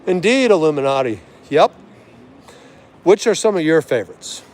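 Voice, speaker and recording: A friendly, talkative man runs a live stream from an aviation museum and answers viewers by name as he goes. His voice sits on the higher side for a man. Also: big pitch swings, normal speed, a little mellow. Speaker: livestream host.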